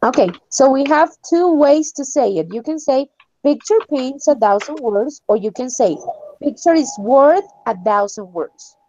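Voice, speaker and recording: A woman's voice: sits high, expressive, measured pace, warm tone, dry recording, muffled recording. A woman teaching an English class online, encouraging her students and laughing often.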